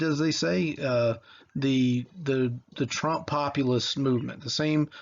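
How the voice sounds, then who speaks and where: A man's voice: mid-range voice, lo-fi sound. Rambling, chatty man teaching history. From Mississippi. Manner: conversational, rambling, many fillers and restarts. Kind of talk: casual recorded lecture.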